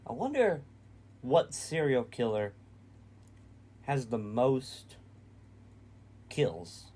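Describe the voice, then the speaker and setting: A man's voice: medium pitch, sing-song, very slow, dark tone. A man co-hosting a reaction video in casual chat, blunt and opinionated, swearing freely.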